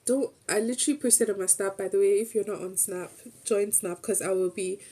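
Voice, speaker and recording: A woman's voice: medium pitch, brisk, mellow. A young woman streamer chatting casually as she recaps a trip, rambling through restarts and acting out bits of dialogue.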